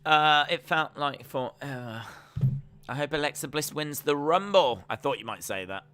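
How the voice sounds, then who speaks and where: Chatty man with a bright voice. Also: fairly high pitch, animated, normal speed, clear, resonant tone, soft background music. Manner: chatty, reads out viewer comments and jokes. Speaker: live stream host. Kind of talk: casual wrestling watch-along chat.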